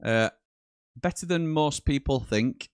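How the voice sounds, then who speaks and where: A British man hosting a live football watchalong, reading viewer comments aloud and breaking into quick commentary on the match. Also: medium pitch, clean tone, no echo, clean studio sound. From Britain. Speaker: watchalong host.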